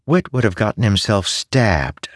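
A man voicing a playful, sharp-tongued female spirit companion, speaking in a teasing, wry way. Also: on the low side, very animated, measured pace, dry recording, clean studio sound, pitched above the performer's own voice.

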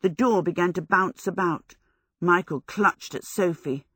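In an audiobook, a woman reads a storybook aloud in a low, measured voice with a slightly breathy edge. She holds a steady storytelling rhythm, and the recording is close and dry, with no room sound or echo at all.

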